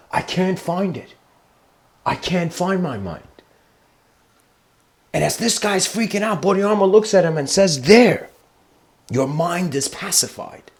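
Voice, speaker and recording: A man giving a livestreamed spiritual talk, telling stories reflectively and slowing down for emphasis. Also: mid-range voice, gravelly. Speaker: spiritual lecturer.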